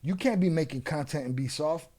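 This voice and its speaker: A man's voice: a little high, a little fast, mellow. A man hosting a podcast, reacting to clips in heated, profane commentary and mocking the guest. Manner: profane, mocking, talks back at the clip.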